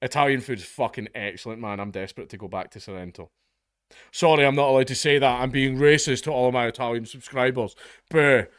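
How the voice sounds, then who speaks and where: A young Scottish man tears into his subject with profane, sarcastic scorn. His voice sits at an ordinary middle pitch. The recording is close and dry, with no room around it. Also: brisk, a bit bright, clear, resonant tone, dry recording. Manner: profane, mocking, sarcastic rant. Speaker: online commentator. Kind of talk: ranting commentary.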